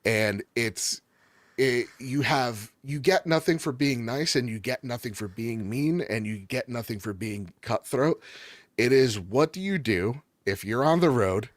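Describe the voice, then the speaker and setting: A man in casual chat, enthusiastic and jokey, rambling from one point to the next. His voice sits at an ordinary middle pitch. The recording is dry and close, with no room echo. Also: lively intonation, unhurried. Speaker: gaming podcast co-host.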